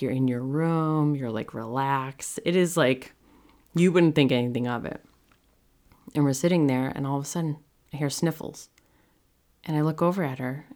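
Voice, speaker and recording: A middle-aged woman from the US talks through personal stories as a podcast host, chatty and animated with plenty of fillers. Her voice sits unusually low. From United States. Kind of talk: casual monologue.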